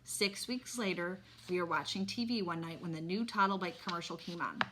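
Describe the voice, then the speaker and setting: A woman reading a children's novel aloud in an expressive, animated storytelling manner. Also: on the low side, fairly quick, noisy background. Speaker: reader.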